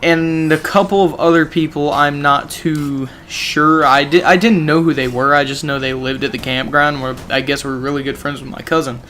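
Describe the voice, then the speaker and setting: Rambling storyteller man, fairly high voice. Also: steady tone, normal speed, few pauses, bright, forceful tone, slight background noise. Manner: rambling, full of "you know" and "like". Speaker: gaming channel storyteller. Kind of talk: casual storytelling.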